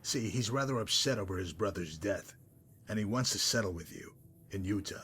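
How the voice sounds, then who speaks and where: A man's voice: lowish voice, expressive, a bit bright, slight background noise. A man voicing a smug sardonic mercenary. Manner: dry, mocking, wordy and unhurried. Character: smug sardonic male messenger-mercenary, adult. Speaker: game character. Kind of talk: voiced game dialogue.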